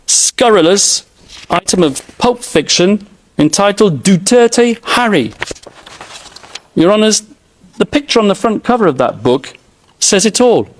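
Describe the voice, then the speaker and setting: A middle-aged man giving a formal, emphatic courtroom opening statement as defence counsel, with pointed sarcasm. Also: on the high side.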